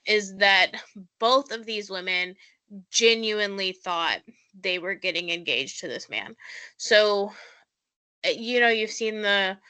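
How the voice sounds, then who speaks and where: A woman's voice: mid-range voice, pushed and bright, clean tone. A woman co-hosting a podcast, recapping a show in casual chat with many fillers and acted-out quotes. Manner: chatty, lots of "like" fillers, acts out quotes. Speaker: podcast co-host.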